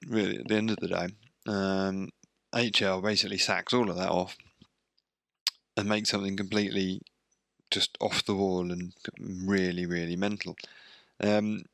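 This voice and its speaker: A man's voice: sits low, creaky, a bit bright, dry recording, studio quality. A man hosting a radio show, talking casually and rambling with lots of ums and self-deprecating asides.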